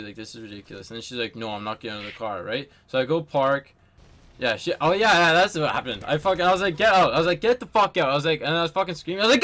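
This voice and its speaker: A man's voice: mid-range voice, fairly bright tone. A young man telling a story to friends in a casual voice chat, rambling with lots of fillers and swearing.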